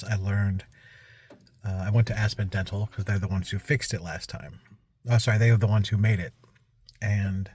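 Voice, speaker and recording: A man's voice: on the low side, dark tone, no room sound. A man talking casually to camera in a rambling vlog, recounting a frustrating week with many restarts and asides. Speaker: vlogger.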